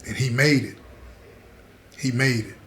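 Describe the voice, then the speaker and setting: A man's voice: a little slow, reverberant, a little hiss or hum. A man telling a story to his viewers in a streetwise, earnest way, speaking to them directly as "y'all" from inside prison. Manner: drops softer and lower as the story turns grave. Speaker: storyteller host.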